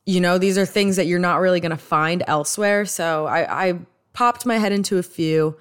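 A woman's voice: fairly low pitch, normal speed, clean tone. A woman with a New York accent, from the US East Coast, hosting a podcast in rambling, chatty solo talk with many restarts. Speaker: podcast host. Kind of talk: casual solo podcast chat.

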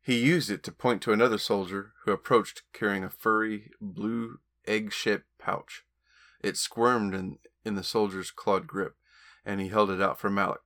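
A man, an author and podcast host, reading his own novel aloud with steady storytelling. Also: on the low side, normal speed. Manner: steady storytelling with occasional stumbles.

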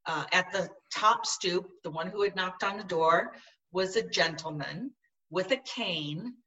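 Bright-voiced woman telling a personal story. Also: lowish voice, distant mic, lo-fi sound. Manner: earnest, halting, with frequent restarts. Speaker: guest.

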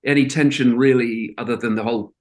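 A middle-aged man telling anecdotes in a casual interview, animated, with loud outbursts and swearing. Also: medium pitch, fast. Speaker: guest. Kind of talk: casual storytelling.

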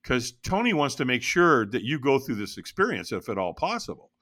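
A man telling a personal story as an interview guest, in an animated, dramatic way. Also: medium pitch, fairly quick.

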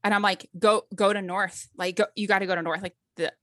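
A woman's voice: medium pitch, steady tone, brisk, a bit bright, no room sound, studio quality. A woman in her thirties, a podcast guest telling a personal story in casual conversation, acting out quotes and laughing often.

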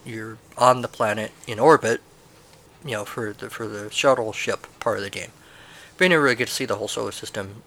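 A man's voice: lowish voice, a little fast, sharp tone, a little hiss or hum. A man reviewing a retro game, reading the manual aloud and breaking off with wry, sarcastic asides.

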